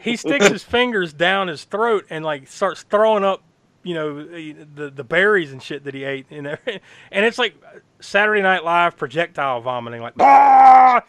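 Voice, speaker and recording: A man with a bright, forceful voice pitched a little high chats loosely and excitably. He swears freely, laughs a lot and acts out little bits of dialogue. The sound is dry and close. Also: normal speed, no echo. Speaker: podcast co-host recapping a horror film. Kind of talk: casual chat.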